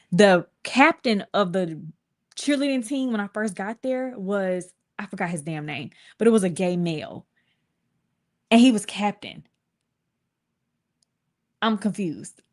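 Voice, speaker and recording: A young woman tells a story to her viewers in a loose, chatty way, full of "like" and quick asides. When she quotes people, her voice leaps up and down in pitch, so the telling sounds animated and theatrical. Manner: animated, acts out quotes with big pitch jumps. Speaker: vlogger. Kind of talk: casual storytime monologue.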